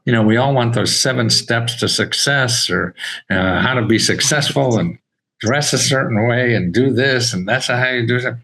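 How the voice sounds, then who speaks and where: An older man appears as a podcast guest in a casual interview, animated and often laughing. His voice leaps high when he gets excited, his pace is normal, and the recording is rough.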